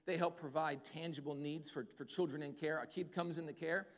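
Enthusiastic pastor, a bit high-pitched, announcing from a reverberant church hall. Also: male voice, fairly quick. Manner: energetic, enthusiastic, fillers like "man". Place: church sanctuary.

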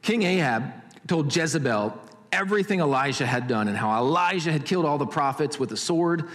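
Animated preacher man, big hall reverb. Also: a little high, fairly quick. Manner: animated storytelling, swinging between loud and hushed. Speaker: pastor. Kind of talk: sermon.

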